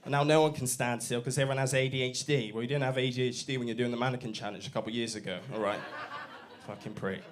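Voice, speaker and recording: A man's voice: medium pitch, fairly even intonation, fast. A young man from Bristol doing a brash, sweary stand-up set in a comedy club, baiting the crowd on a handheld mic. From Bristol, England. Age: young adult.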